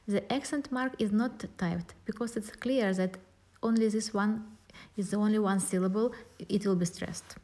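A woman's voice: mid-range voice, a little mellow. A woman with a Russian accent, a native Russian speaker, teaching an online language lesson and carefully modeling pronunciations. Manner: methodical, spells out and models pronunciations slowly.

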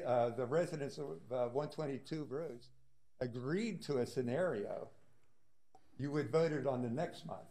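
A man speaking as a resident at a public meeting, insistent and halting, with many fillers. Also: medium pitch, warm tone. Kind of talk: heated public comment.

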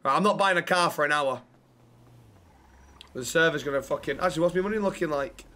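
High-voiced brash Englishman. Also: sharp tone. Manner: brash, profane, quick to insult. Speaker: streamer. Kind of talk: in-game role-play banter.

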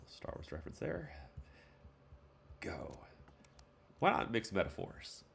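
A man with a very low voice walks through a casual screen tutorial. He rambles in a relaxed, playful way, dropping lots of fillers and side comments as he goes. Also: a little slow, gravelly, long pauses, slight background noise. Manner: loose and rambling, many fillers, playful asides. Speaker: tutorial host.

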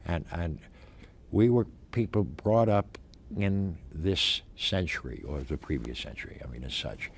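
An older male actor being interviewed about his career, talking in an emphatic, animated way with many restarts and stammers. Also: sits low, a little slow, creaky, a little hiss or hum.

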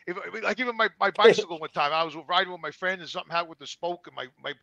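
Excitable high-voiced man, rapid, gravelly. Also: dry recording, dull audio. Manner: excitable storyteller who repeats words and restarts. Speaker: guest. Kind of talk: casual livestream chat.

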